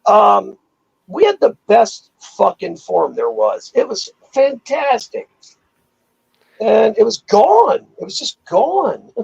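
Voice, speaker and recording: A man hosting a casual chat, telling animated, profane stories and acting out quotes. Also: sits high, slow, vocal fry, husky, no echo, muffled recording. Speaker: podcast host.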